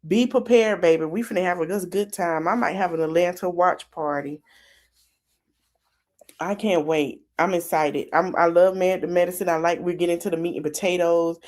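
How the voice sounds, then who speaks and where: A woman's voice: fairly low pitch, normal speed. A woman hosting a podcast, casually recapping a reality show with lots of laughter and acted-out quotes. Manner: animated, laughing, acts out quotes. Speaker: podcast host.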